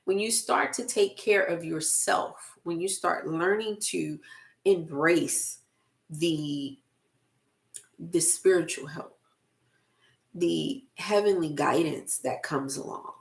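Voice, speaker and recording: A middle-aged woman, a motivational speaker and spiritual life coach, giving a casual spiritual talk to camera, slow and emphatic, repeating phrases for effect. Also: fairly low pitch, vocal fry.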